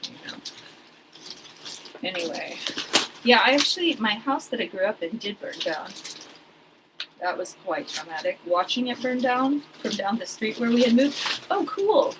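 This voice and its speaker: Woman, 40s, casual vlogger, rambling with wry asides, clear background noise on the recording. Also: a little high. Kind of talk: casual chat while sorting old papers.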